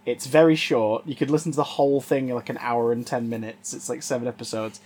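A man co-hosting a podcast, chatting casually with teasing quick interjections. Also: medium pitch, flat delivery, a little mellow, a little hiss or hum, poor audio. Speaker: podcast co-host. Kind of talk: casual chat.

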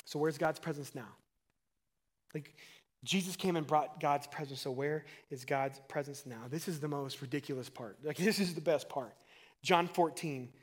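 A man preaching a sermon as pastor, conversational and animated, swinging from loud emphasis to quiet. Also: on the high side, normal speed.

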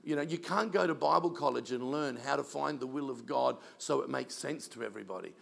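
A man's voice: medium pitch, brisk, vocal fry, a bit bright. A man, a pastor telling stories in a sermon and mimicking the people he quotes. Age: 60s. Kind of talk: sermon storytelling.

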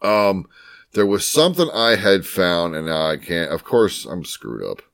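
A man's voice: low-pitched, expressive, a little slow, vocal fry, a bit bright, dry recording. A man co-hosting a casual chat, rambling and swearing, at times reading a history passage aloud and stumbling over old words.

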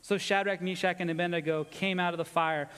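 A pastor preaching a sermon with earnest emphasis, dropping low and soft on his key points. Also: fairly even intonation, fairly quick, smooth. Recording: long reverb of a church hall.

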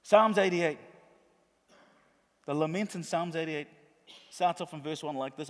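In a sermon, a middle-aged man tells warm stories and emphasizes ideas by repeating them. His voice is on the high side, a little slow with long pauses, and a large hall's long reverb surrounds it.

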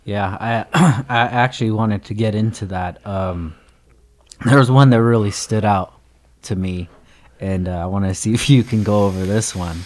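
Easygoing male podcast host with a lowish voice, gently prompts his guest. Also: normal speed. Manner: easygoing, encouraging interviewer. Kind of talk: casual interview.

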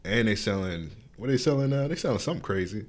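Laid-back male podcast co-host, lively. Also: fairly low pitch, quick pace. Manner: joking, laughs often, loose slang. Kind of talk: casual chat.

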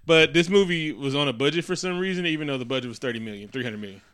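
A man casually recapping a superhero movie on a podcast, swearing freely and acting out scenes with quick quoted lines. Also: fairly high pitch, clear, resonant tone. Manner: profane, animated, acts out scenes with quotes. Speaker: podcast co-host.

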